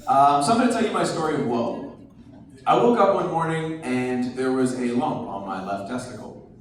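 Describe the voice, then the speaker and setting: Stand-up comic, man, animated storyteller, bouncy delivery, roomy distant club recording. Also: mid-range voice, normal speed, slight background noise. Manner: animated storytelling, acting out the people in his story. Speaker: stand-up comedian. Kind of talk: stand-up comedy set. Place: comedy club stage with a live audience. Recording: roomy club sound, mic heard from a distance.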